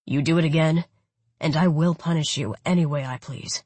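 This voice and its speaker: A woman's voice: moderate pace, a little mellow, breathy edge, no echo. A woman putting on a growling menacing man. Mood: threatening. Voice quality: low, muttering, growling.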